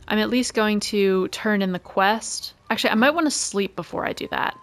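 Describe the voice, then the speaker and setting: A woman doing let's play commentary, calmly calling out each move and roll of a turn-based game. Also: medium pitch, moderate pace. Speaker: gaming video creator. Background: faint game music.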